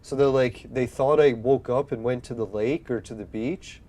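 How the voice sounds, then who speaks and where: Mellow-voiced man rambling through a story. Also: mid-range voice, normal speed. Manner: rambling, swears often, acts out his own past lines. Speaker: gaming video host. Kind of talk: casual storytelling while playing a game.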